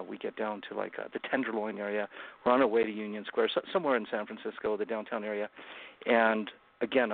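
Gravelly man on a tinny phone line. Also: lowish voice. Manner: earnest, halting retelling with many restarts. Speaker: guest author. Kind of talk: personal storytelling in an interview. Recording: phone-like remote call line.

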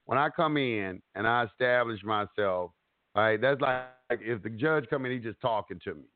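A man hosting a casual instructional chat, animated and repetitive, acting out what he says in court. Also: medium pitch, moderate pace, no echo. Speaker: host giving advice. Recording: dry tinny phone-like audio.

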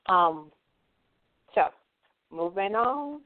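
A woman hosting a loose chat show, easygoing and quick to tease her crew. She speaks unhurriedly in a dry, close sound. The line is thin and phone-like. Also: mid-range voice, no echo. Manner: relaxed, teasing, laughs easily. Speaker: host. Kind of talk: casual chat.

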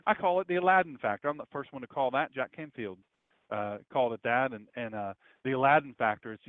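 A man's voice: medium pitch, fast, dry recording. A male preacher giving a sermon-style talk, telling stories animatedly and repeating his phrases. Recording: dry tinny phone-like sound.

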